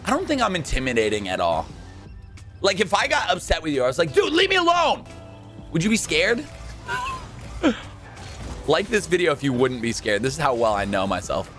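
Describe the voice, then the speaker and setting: A young man in casual, jokey gameplay commentary, excitable and quick to shout and laugh. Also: medium pitch, faint music behind. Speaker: gaming YouTuber.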